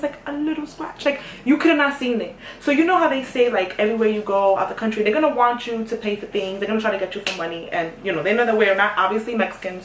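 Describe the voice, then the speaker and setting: A young woman telling a story in a casual, sassy way, dropping to a hush and then getting loud. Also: a little high, far from the mic, a little hiss or hum. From New York. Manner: animated, sassy, swings from hushed to loud. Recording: echoey room, voice off-mic.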